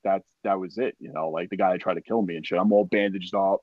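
A man with a low voice recounts a war story as a podcast guest. He is casual and profane, acts out the shouts of the people around him, and fills his speech with "like" and "you know". The recording is dry and a little dull. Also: fairly quick, dry recording. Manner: profane, animated retelling with acted-out quotes; heavy use of "like" and "you know". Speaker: podcast guest, army veteran.

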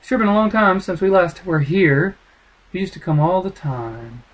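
A man's voice: sits high, moderate pace, voice pushed up, rough recording. A man reading a wistful young village girl.

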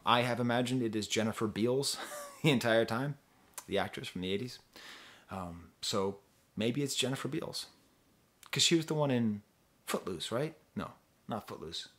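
A man's voice: animated, normal speed. A man casually reviewing an album, rambling, interrupting himself and trailing off as he thinks aloud. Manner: rambling, self-interrupting, sings snippets in falsetto. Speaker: music reviewer.

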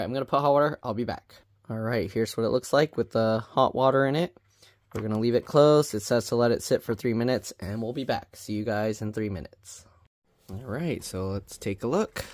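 A man casually reviewing a food product on his vlog, reading the label aloud in a plain, even way with chatty asides. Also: lowish voice, dry recording.

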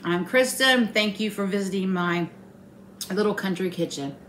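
A woman's voice: medium pitch, moderate pace, fairly bright tone, a little hiss or hum. Chatty woman cooking at home. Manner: chatty, folksy, teasing. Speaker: home cooking channel host. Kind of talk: casual cooking demonstration. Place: home kitchen.

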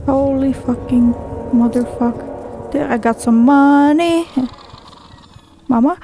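In this horror let's play, a female game streamer speaks slowly in a high, mellow voice. She startles easily, mutters to herself throughout, and curses nonstop.

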